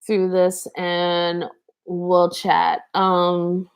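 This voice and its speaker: A woman's voice: fairly low pitch, completely flat delivery, extremely slow, smooth. A young woman giving a casual live tarot reading, chatty and rambling, talking to viewers in the chat. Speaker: tarot reader.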